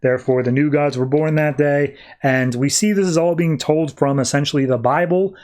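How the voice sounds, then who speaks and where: A man hosts a podcast and casually recaps a comic book issue. He talks in a chatty, rambling way, with a fairly high voice and frequent fillers and asides. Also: steady tone, moderate pace, darkish tone. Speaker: podcast host.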